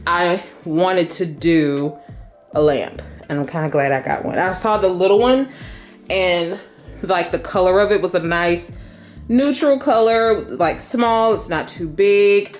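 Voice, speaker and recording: A young woman chatting casually to camera at home as a decor vlogger, upbeat and chatty with relaxed slang. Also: lowish voice, unhurried, faint music behind. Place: at home in her entryway.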